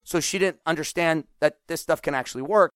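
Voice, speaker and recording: A middle-aged man hosting a podcast, talking casually and acting out quoted voices with lively swings. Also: on the high side, a little fast, no room sound, clean studio sound. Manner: animated, acts out quoted voices. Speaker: podcast host.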